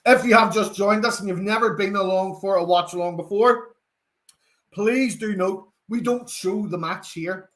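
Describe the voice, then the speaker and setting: Animated Northern Irish man, fairly high voice. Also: normal speed. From Northern Ireland. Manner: chatty, animated, reads out viewer comments. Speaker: fan channel host. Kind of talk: live football watchalong chat.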